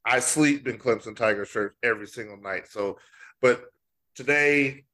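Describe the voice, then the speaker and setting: A man's voice: mid-range voice, normal speed, sharp tone. A man co-hosting a sports podcast, playful and teasing in casual banter. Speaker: podcast co-host.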